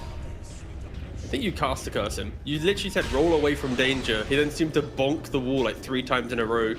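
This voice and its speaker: A man who is a former coach, giving relaxed color commentary in an easygoing, chatty way and laughing along. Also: medium pitch, moderate pace, music in the background. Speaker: esports co-caster, former coach.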